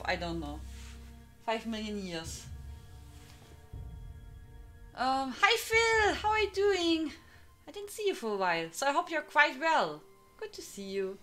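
A woman's voice: medium pitch, pushed and bright. A woman from Germany with a strong German accent, chatting casually on a live stream, greeting viewers by name and laughing often.

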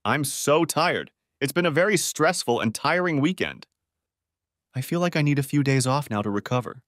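A man's voice: mid-range voice, lively intonation, normal speed, fairly bright tone, no echo, studio quality, pitched above the performer's own voice, natural voice. Man putting on a remorseful pleading wife. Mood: tired, puzzled. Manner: apologetic, pleading. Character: remorseful young adult wife, tired and pleading.

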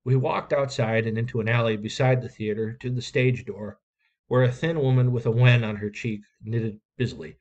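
A man reading a short story aloud in a steady, measured way. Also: medium pitch, muffled recording. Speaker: reader.

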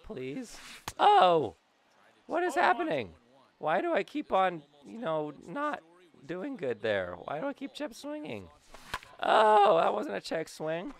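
A young man giving casual, excitable commentary while playing a video game, talking to himself and his player. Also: high-pitched, vocal fry. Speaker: gaming YouTuber.

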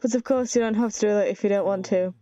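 A woman's voice: medium pitch, quick pace, mellow, muffled recording, lightly acted. A woman reading a timid, clingy young man. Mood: pleading. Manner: pleading, apologetic.

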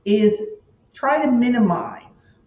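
A woman's voice: fairly high pitch, animated, slow, a little mellow. A woman hosting a tarot channel, chatting casually to camera and telling stories that play up her own worries. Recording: roomy, distant, dull lo-fi sound.

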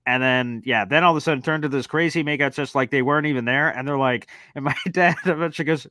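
Male host, bright and animated anecdote-teller, tight dry sound. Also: medium pitch, fast talker, no echo. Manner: animated, acts out voices in his anecdotes. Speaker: show host. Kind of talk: casual chat.

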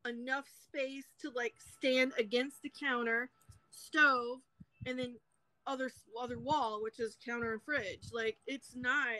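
A woman's voice: a little high, fairly even intonation, measured pace, bright, forceful tone, no echo, poor audio. A woman in her thirties with a Southern US accent, chatting bluntly and casually on a livestream while crocheting. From South Carolina, US. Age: 30s. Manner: blunt, frank, swears freely. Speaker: livestream host.

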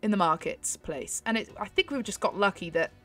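A young woman chatting excitedly to her viewers while she plays a horse game, giggling often. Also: medium pitch, a little fast, soft background music. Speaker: gaming YouTuber. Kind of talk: casual gameplay commentary.

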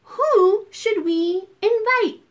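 A woman voicing an upbeat male cat in a children's story, bright and enthusiastic. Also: very high voice, extremely slow, pitched above the performer's own voice, heavily acted. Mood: cheerful.

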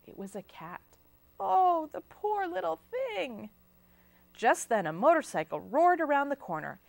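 Lively woman reading a children's story. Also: fairly high pitch, dry recording. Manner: expressive, animated storytelling. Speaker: library storyteller. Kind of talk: children's storytime read-aloud. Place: library.

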